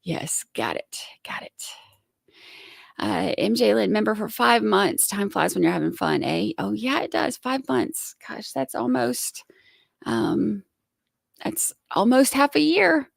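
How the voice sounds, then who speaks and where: Woman livestream host, sick and soft-spoken, very gravelly, slow, dry close sound. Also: mid-range voice, expressive, dry recording. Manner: soft-spoken, frequent throat clearing. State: sick, scratchy throat. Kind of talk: casual livestream chat.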